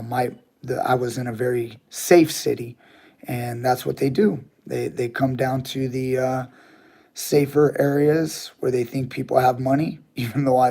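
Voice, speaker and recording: A man's voice: medium pitch, gravelly, a little mellow, slightly rough. A man, a grappling coach and channel host, telling a story in casual chat with his viewers, candid and swearing freely.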